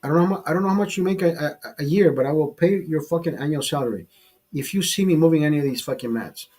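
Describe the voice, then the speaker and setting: Husky man telling a rambling bar story. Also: a little high, fast, dark tone. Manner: profane, rambling anecdote with many restarts. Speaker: host. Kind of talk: casual storytelling.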